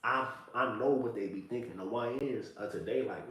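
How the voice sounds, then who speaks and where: Speaking at medium pitch and normal speed with a fairly bright tone and hardly any pauses, a man in his thirties reflects in loose street talk, often tossing in "you know what I'm saying." The recording comes from a distant mic in a very echoey space.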